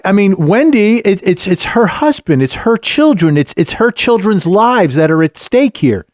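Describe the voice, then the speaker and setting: Brief: emphatic middle-aged legal commentator, fairly high voice, dry close sound. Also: male voice, unhurried, no room sound. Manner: animated, emphatic, uses rhetorical "right?". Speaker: legal commentator, former prosecutor. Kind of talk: podcast guest analysis.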